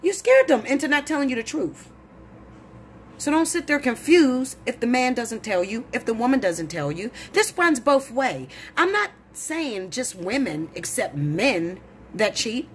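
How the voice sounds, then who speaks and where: Blunt, profane woman ranting, voice leaping high. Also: expressive, moderate pace, slight background noise. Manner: blunt, profane, preachy, rising to shouts. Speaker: tarot reader. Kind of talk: heated monologue to camera.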